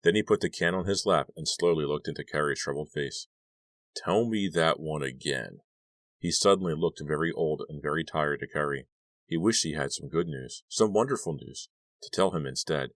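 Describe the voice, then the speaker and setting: A male narrator with a very deep, low voice reads a novel in a steady, measured way. The recording is close and dry, with no room sound. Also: no room sound. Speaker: audiobook narrator. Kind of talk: scripted narration.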